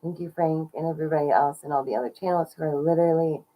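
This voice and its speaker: A woman's voice: deep voice, steady tone, quick pace, warm tone, low-quality recording. A woman streamer chatting casually and gushing thanks to her viewers, laughing often. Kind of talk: casual live stream chat.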